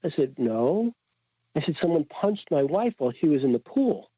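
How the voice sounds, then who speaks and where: A man's voice: on the high side, moderate pace, slightly rough, no echo. A man from Connecticut with a Connecticut accent, telling a story as a podcast guest, acting out the voices of others with many restarts. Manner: animated, acts out quoted voices, frequent restarts. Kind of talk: storytelling in a casual chat. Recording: tinny phone-like audio, dry.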